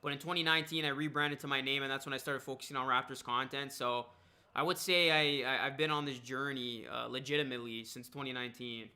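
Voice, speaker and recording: A man's voice: mid-range voice, steady tone, quick pace, bright, forceful tone. A man hosting a fan live stream, calling the plays of a basketball game and chatting upbeat with viewers, greeting them by name. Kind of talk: live-stream play-by-play and chat shout-outs.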